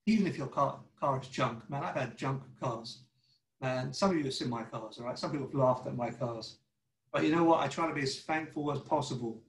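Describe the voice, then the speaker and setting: A man's voice: medium pitch, brisk, reverberant, poor audio. A man giving an informal sermon over a video call, chatty, acting out little dialogues and often restarting his words. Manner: conversational, acts out little dialogues, stammering restarts. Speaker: church teacher.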